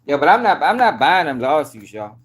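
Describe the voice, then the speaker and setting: A tired young man hosting a late-night livestream, chatting with viewers in a casual, profane, animated way. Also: on the high side, a little fast, husky. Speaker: livestream news commentary host.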